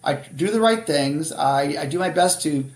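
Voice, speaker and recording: A middle-aged man with a Boston accent speaks bluntly and tells his stories with animation, his voice sitting fairly high for a man. The sound carries a roomy echo around him. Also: lively intonation, moderate pace. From Boston area, USA. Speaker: guest author. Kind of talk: casual podcast interview.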